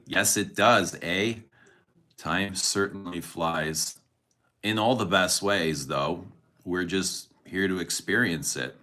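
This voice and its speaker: A man with a low voice that sounds pushed and bright runs a casual live chat stream. Between frequent chuckles and free swearing, he rambles about his day and reads comments from viewers.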